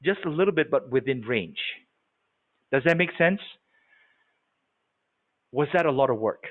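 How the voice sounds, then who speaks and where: A man leading a live sales training webinar, animated and coaching, often checking that his audience follows. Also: mid-range voice, measured pace. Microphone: video call. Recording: tinny phone-like webinar audio.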